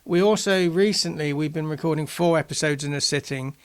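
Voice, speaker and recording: A man's voice: fairly high pitch, brisk, smooth. A man co-hosting a casual podcast, reflective and hesitant with frequent fillers. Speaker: podcast co-host.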